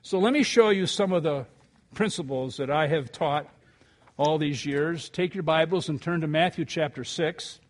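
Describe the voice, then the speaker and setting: An older man preaching a sermon, telling a story with animated rises and quiet asides before reading scripture. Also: on the high side, normal speed. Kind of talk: sermon with anecdote.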